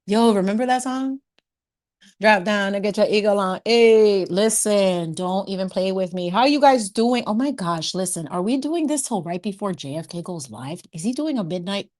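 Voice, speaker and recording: A woman's voice: mid-range voice, expressive, moderate pace, few pauses, a little mellow. A woman hosting a casual livestream chat, playful and sassy, laughing often and dropping in Spanish words. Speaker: livestream host.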